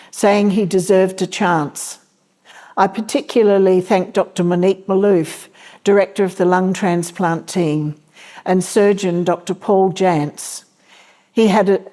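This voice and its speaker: Older widow, eulogy, mellow and halting. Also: female voice, lowish voice. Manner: tender, halting. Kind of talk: memorial speech. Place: theatre.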